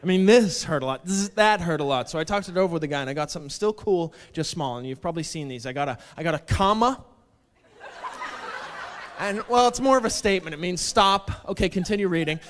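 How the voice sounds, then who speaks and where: A man doing a stand-up comedy set on a club stage, deadpan and self-deprecating, slipping into mock quotes. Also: sits high, fairly quick. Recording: club stage with long reverb, faint noise.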